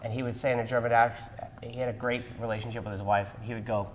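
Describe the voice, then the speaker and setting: A man's voice: mid-range voice, flat delivery, very fast, muffled recording, slight background noise. A man teaching a partner dance class, explaining moves and counting the beats aloud. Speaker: dance instructor. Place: dance studio. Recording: long hall reverb.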